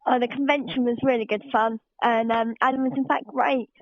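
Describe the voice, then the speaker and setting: A woman's voice: fairly high pitch, steady tone, brisk, no echo. A woman from England, a listener guest talking eagerly about an event. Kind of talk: interview over phone. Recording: tinny phone line.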